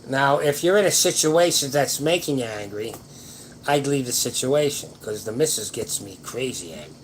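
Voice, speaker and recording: A man's voice: mid-range voice, expressive, normal speed, poor audio. Older male host, casual late-night advice chat, folksy and rambling, slight background hiss. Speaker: livestream host answering viewer questions.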